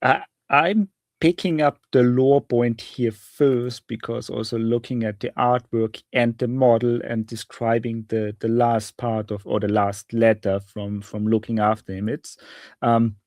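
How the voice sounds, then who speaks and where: A man's voice: mid-range voice, steady tone, measured pace, darkish tone, no echo, studio quality. A man co-hosting a casual hobby podcast, talking in a thoughtful way and often searching for words. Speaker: podcast co-host.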